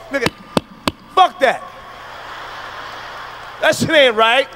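Brief: male stand-up comic, very high voice, brash and profane, faint noise behind him. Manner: brash, profane, with sudden shouted bursts. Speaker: stand-up comedian. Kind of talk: stand-up comedy routine.

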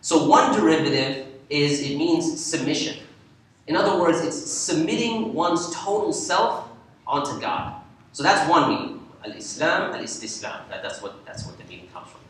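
Guy giving a lively talk, bright forceful voice, far from the mic, big echoey hall. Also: a little high, normal speed, slight background noise. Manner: animated storyteller, lively when quoting. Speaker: imam giving a presentation. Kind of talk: lecture with storytelling. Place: church hall.

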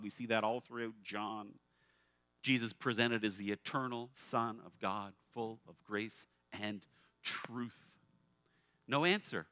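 A male pastor delivering a sermon in a church. His voice is bright and ringing, recorded close and dry, and he preaches in an expressive, emphatic way full of rhetorical questions. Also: fairly low pitch, a little slow, no room sound.

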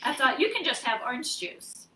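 A woman's voice: high-pitched, very animated, moderate pace, sharp tone. A woman hosting a live sale stream, chatting cheerfully as she mixes a drink. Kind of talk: casual live-stream chat. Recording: roomy echo, from a distance.

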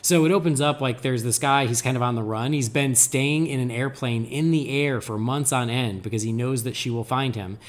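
A man co-hosting a podcast, giving a rambling, animated recap of a cartoon episode in casual chat. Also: medium pitch, normal speed, hardly any pauses. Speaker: podcast co-host.

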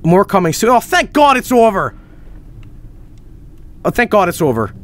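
A young man streaming a game live, reacting with loud, frantic swearing and nervous laughter. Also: high voice, very animated, moderate pace. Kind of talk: live gameplay commentary.

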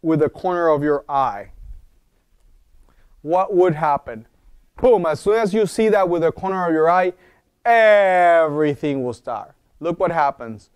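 A man teaching an informal wellness lecture, animated and full of questions to his listeners. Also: a little high, a little slow, smooth, no echo, clean studio sound. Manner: animated, acts out quoted voices, asks the room questions.

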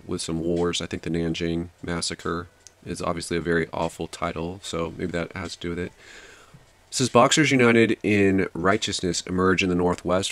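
Deep-voiced man explaining a history book. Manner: thinking aloud with fillers and restarts, reading passages then explaining. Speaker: study channel host summarizing a history book. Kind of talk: casual study-guide commentary.

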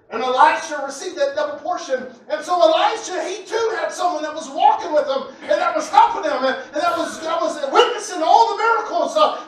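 A man preaching a sermon who repeats himself and builds up to loud, shouted passages. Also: very high voice. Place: church. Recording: echoey church hall from a distant mic with faint noise.

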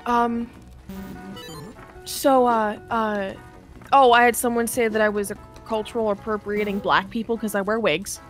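Animated young woman telling a story. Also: on the high side, measured pace, soft background music. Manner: animated, acts out customers' lines, laughs often. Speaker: co-host telling a work story. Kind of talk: casual storytelling chat.

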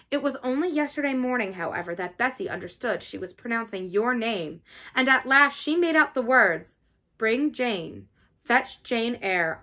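A woman's voice: on the high side, pushed and bright. A woman voicing a respectful male servant bringing grave news, in an audiobook reading.

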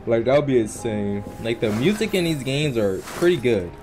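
A young man giving casual, animated let's-play commentary, joking and trash-talking the game's characters. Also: medium pitch, moderate pace. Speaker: gaming YouTuber. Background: video game music.

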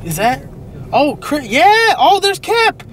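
A young man chats as a co-host in a goofy, hyper way. His voice sits high and swoops all over, jumping into loud excited yelps. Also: slow pace. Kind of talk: casual comedic chat.

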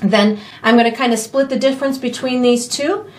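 A woman's voice: on the high side, fairly even intonation, a little fast. A woman teaching a step-by-step painting tutorial in an easygoing, chatty way, with light laughs and fillers. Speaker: painting instructor.

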